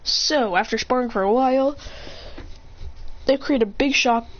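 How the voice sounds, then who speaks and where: A woman's voice: sits high, a little slow, slight background noise. A woman telling an improvised story in a rambling way, full of restarts and sound effects, on a dull lo-fi recording.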